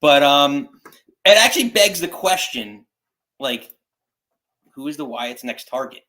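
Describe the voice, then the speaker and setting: A man's voice: fairly high pitch, big pitch swings, measured pace, pushed and bright. A man co-hosting a casual podcast, talking enthusiastically in long rambling runs with frequent restarts. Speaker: podcast co-host. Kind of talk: casual wrestling chat.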